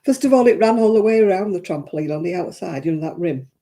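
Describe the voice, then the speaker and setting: A woman's voice: fairly low pitch, expressive, fast, warm tone. A woman hosting a casual craft live stream, telling stories in a chatty, self-mocking way and laughing between them.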